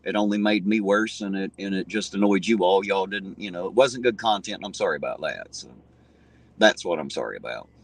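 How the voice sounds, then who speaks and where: Here a male livestream host with a low-pitched, animated voice goes through viewer comments at a fairly quick pace. He keeps things casual, blunt and full of profanity, frequently restarting what he's saying.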